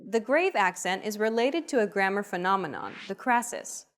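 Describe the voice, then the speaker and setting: A woman narrates the explanatory parts of a language lesson from a script. Her voice sits at an ordinary middle pitch, and she sets out each rule in a steady, even manner. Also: normal speed, faint music behind.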